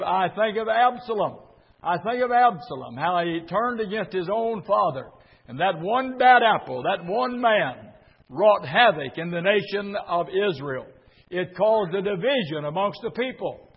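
An older man preaches fervently in a church, his high, husky voice carried by a long reverb. He leans on "uh" fillers and repeats phrases for emphasis, and the recording sounds muffled. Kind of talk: revival sermon.

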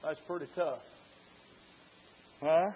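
High-voiced fervent preacher. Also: male voice, steady tone, takes it slowly, a little hiss or hum. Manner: fervent, rising to shouts; rhetorical questions to the congregation. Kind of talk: sermon. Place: church. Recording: dull lo-fi sermon recording.

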